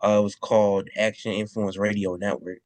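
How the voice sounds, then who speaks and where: A man's voice: on the low side, level tone, brisk, darkish tone, no room sound. A man answering as a guest on a video call, hesitant, with many fillers and restarts. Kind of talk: casual interview answers.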